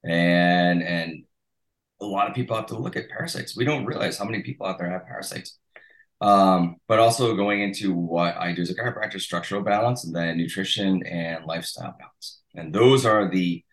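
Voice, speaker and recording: Chatty older man in a roomy echo. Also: deep voice. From Massachusetts. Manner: chatty and rambling, with frequent restarts. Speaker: chiropractor guest. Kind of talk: casual podcast interview.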